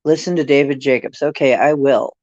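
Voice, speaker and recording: A woman's voice: rumbling low, steady tone, a little fast, a little mellow, no echo, muffled recording. A woman hosting a casual livestream, musing and rambling while she answers viewer comments. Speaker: livestream host reading viewer chat.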